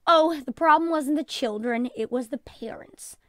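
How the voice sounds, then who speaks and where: A woman's voice: sits high, moderate pace, dry recording, studio quality, voice pushed up, lightly acted. A woman reading aloud and voicing a kindly, relieved woman teacher in a storybook.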